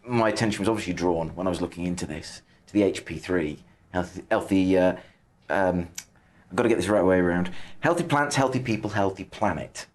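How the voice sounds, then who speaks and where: A man with a fairly low voice hosts a podcast interview. He asks his questions in an animated, chatty way and reacts with enthusiasm. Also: a little fast. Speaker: podcast host.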